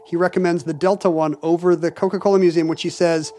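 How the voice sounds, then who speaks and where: Man, podcast co-host, casual chat, dry wry humor, fairly high voice. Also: steady tone, quick pace, mellow. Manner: dry, wry humor, reading listener mail.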